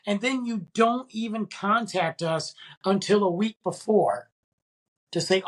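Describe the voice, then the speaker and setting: A man's voice: high-pitched, lively intonation, moderate pace, fairly bright tone, breathy edge. A man hosting a podcast, ranting in an exasperated, casual way and firing off rhetorical questions. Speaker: podcast host.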